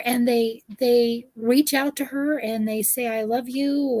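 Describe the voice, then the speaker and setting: Earnest woman, mellow higher voice. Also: steady tone, takes it slowly. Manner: earnest, emotional, repeats herself. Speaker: guest parent. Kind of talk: heartfelt live-stream chat.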